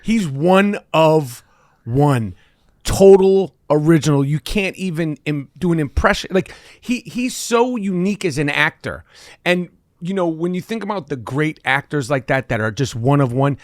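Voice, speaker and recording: A man in his fifties talks as a podcast guest in an excitable, rambling way, swearing freely. His voice sits slightly high for a man. The studio sound is dry and close. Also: a little slow, dry recording. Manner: excitable, profane, rambling with restarts. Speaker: guest actor. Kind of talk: casual chat.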